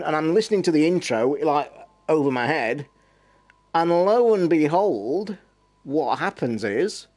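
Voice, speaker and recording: A man's voice: a little high, lively intonation, normal speed, a little mellow. A man with a Derbyshire accent chatting casually with his stream viewers, telling rambling stories with plenty of swearing and laughter. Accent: East Midlands English (Derbyshire). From Derbyshire, England. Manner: sweary, rambling storyteller who laughs a lot. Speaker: livestream host.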